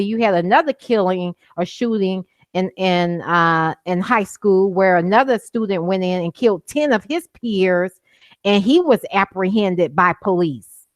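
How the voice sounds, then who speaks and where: A woman's voice: mid-range voice, no echo. A middle-aged woman speaking as an interview guest, impassioned and insistent, repeating her points for emphasis and at times near tears. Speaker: guest, mother of a man killed by police. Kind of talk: interview over a call.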